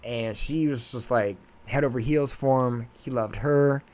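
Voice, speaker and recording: A man hosting a podcast, retelling a myth in rambling, animated casual chat. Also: medium pitch, a little slow. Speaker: podcast host.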